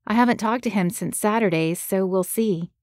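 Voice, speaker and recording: A woman's voice: medium pitch, moderate pace, no room sound, lightly acted. A woman voicing a hopeful young female matchmaker who speaks eagerly.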